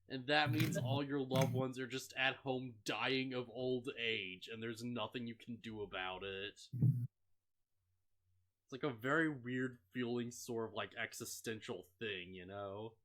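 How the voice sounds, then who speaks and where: A man's voice: medium pitch, unhurried, sharp tone. A young man co-hosting a casual podcast, rambling with lots of fillers and laughing often as he recaps an anime. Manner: rambling, laughs often, many "like" fillers, mock voices for characters. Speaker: podcast co-host.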